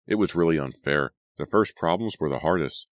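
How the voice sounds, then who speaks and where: A deep-voiced man reads an anxious teenage girl who keeps pressing and pleading. Her lines sit higher and urgent. The sound is dry and close. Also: brisk, dry recording.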